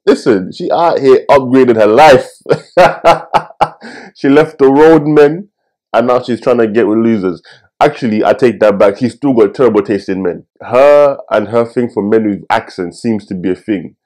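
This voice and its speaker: A young man hosting a film review, talking in a casual, animated rant with swearing and jokey asides. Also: medium pitch, normal speed.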